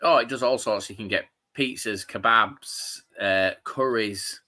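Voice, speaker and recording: Jokey man with a bright, forceful voice. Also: on the low side, a little slow. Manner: banterous, jokey. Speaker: podcast co-host. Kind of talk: casual football watchalong chat.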